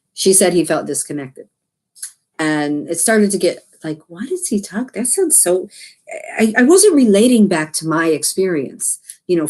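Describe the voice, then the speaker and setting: A woman with a low voice recounts a personal experience as a medium. She speaks earnestly, stopping and restarting often as she searches for words. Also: a little mellow. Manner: earnest, halting, with restarts and fillers. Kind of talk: personal storytelling talk.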